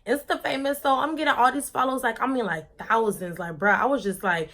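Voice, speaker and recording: Expressive young woman telling a story. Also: on the high side, fairly quick. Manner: expressive, dramatic, slangy. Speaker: vlogger. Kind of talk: casual storytime monologue.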